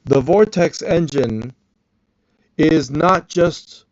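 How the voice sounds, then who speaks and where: A man's voice: fairly high pitch, extremely slow, dry recording, lo-fi sound. Rambling man muttering theories aloud. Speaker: reacting vlogger. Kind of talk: arguing back at a science video.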